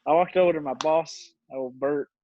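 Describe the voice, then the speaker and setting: A man's voice: fairly high pitch, moderate pace, a little mellow, no room sound. Twenty-something guy rambling thru stories, laughs a lot, dull dry lo-fi sound. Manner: rambling, laughs often, lots of fillers. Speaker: podcast guest. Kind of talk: casual storytelling chat.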